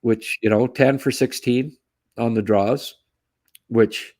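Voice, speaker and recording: A man co-hosting a hockey podcast, talking in a halting way with many fillers and restarts. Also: mid-range voice, fairly even intonation, a little mellow. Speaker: podcast co-host. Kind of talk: casual sports podcast chat.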